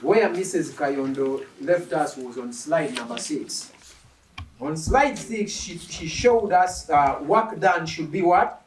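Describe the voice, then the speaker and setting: A man's voice: fairly high pitch, slow, slight background noise. A man preaching a sermon who quizzes the congregation and drives his points home with emphasis. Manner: animated, emphatic, asks the congregation questions. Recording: echoey hall, mic from a distance.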